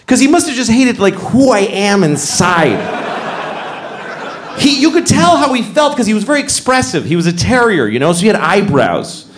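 A man's voice: high voice, normal speed. A middle-aged man doing a stand-up comedy routine, telling stories animatedly and acting out voices. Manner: animated storytelling with acted-out voices, often laughing. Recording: echoey venue with background noise.

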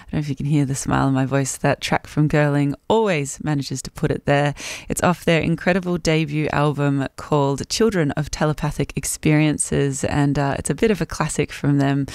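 Gravelly smooth-voiced radio host man. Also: fairly high pitch, no room sound, clean studio sound. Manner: relaxed, chatty, with fillers. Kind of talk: casual radio back-announcing. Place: radio studio. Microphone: studio microphone.

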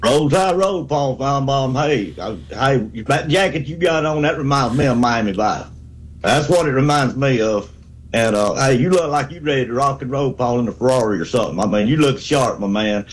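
A man's voice: mid-range voice, lively intonation, normal speed, poor audio. A man, calling in to a sports talk show with a fervent, rambling pep talk. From Alabama. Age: 60s. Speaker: caller.

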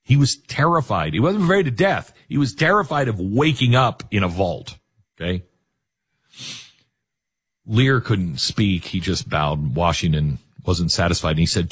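A middle-aged man hosting a talk show, telling a story in a monologue with animated, jokey asides. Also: lowish voice, unhurried, slightly rough. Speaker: radio talk show host.

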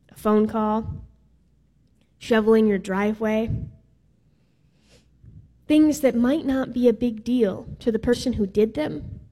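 A woman's voice: mid-range voice, mellow. A woman preaching a sermon in a casual, playful way with some filler words. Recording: reverberant hall.

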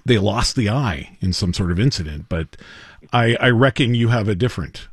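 Male radio host, mid pitch, animated delivery, dry close mic. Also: moderate pace, husky, no echo. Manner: upbeat, laughs easily, lively intonation. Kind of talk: call-in trivia radio chat.

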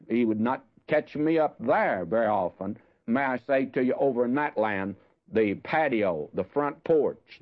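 Older male preacher, mid-pitched, Bible exposition with folksy asides, lo-fi recording. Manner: reads scripture slower and higher, chatty asides. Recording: dull lo-fi sermon recording.

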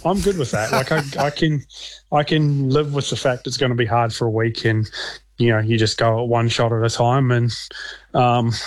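A man with a New Zealand accent, a professional golfer answering interview questions in a relaxed, rambling way with many ums and restarts. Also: medium pitch, no room sound.

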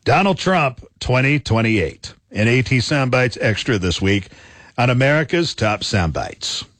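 A man's voice: medium pitch, animated, measured pace, fairly bright tone, no echo. Guy hosting a radio soundbite countdown, voice bounces up and down a lot, super dry close studio sound. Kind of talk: countdown-style radio presenting.

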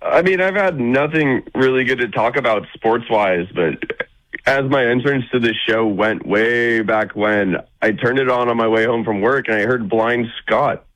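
A man's voice: medium pitch, normal speed, fairly bright tone, no echo, poor audio. A man calling in to a sports radio show from the Bay Area, talking in an easygoing, conversational way. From San Francisco Bay Area. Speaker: caller. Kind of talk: casual phone-in chat.

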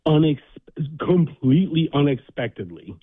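A man calling in to a sports show, chatting casually as an excited fan. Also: fairly high pitch, normal speed, slightly rough, no echo. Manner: laid-back, emotional fan banter. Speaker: caller. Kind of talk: casual call-in chat. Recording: dry tinny phone line.

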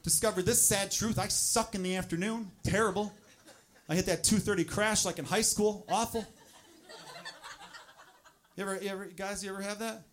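A man in his thirties doing a stand-up comedy set on a club stage, with loud, animated punchlines and acted-out asides. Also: sits high, moderate pace, long pauses, slight background noise.

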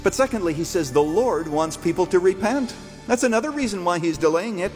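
A man's voice: high-pitched, expressive, a little fast, a little mellow, faint music behind. An older man preaching a sermon from the pulpit, emphatic and challenging his listeners, recorded in a large church. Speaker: pastor. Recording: long church reverb.

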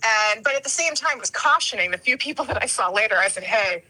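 Bright, husky woman telling a story. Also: a little high, quick pace, low-quality recording. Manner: animated, acts out quotes in lively voices. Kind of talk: casual storytelling.

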